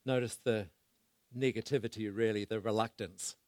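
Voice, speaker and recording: A man preaching a sermon, swinging between loud bursts and hushed asides as he asks the congregation questions. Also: lowish voice, steady tone, normal speed, dry recording, studio quality.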